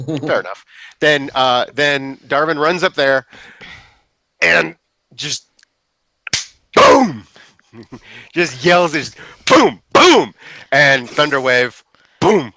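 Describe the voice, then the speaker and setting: A man's voice: medium pitch, slow, long pauses, bright, forceful tone, no echo. A man playing a tabletop game who talks through his moves playfully and acts out sound effects. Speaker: player.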